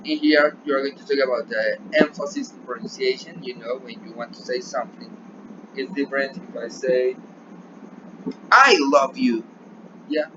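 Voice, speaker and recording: A man's voice: medium pitch, steady tone, a little fast. A man with a Colombian Spanish accent, a native Spanish speaker, teaching an English lesson remotely and often checking in with "yeah?". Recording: dull lo-fi recording with noticeable background noise.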